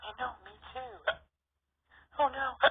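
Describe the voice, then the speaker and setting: A man voicing a sweet, scatterbrained teenage girl who has the hiccups, in a high, whiny, fretting voice in a toy play story. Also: flat delivery, slow, slight background noise, full character voice. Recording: tinny phone-like lo-fi.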